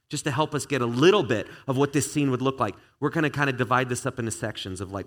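A man preaching a conversational sermon to a live congregation, relaxed and chatty with frequent restarts. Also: medium pitch. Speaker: pastor. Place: church service before a live congregation.

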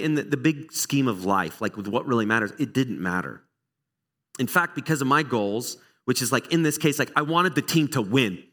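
A middle-aged man preaching a conversational sermon as a pastor, telling stories about himself with candid, animated, self-deprecating energy. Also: medium pitch.

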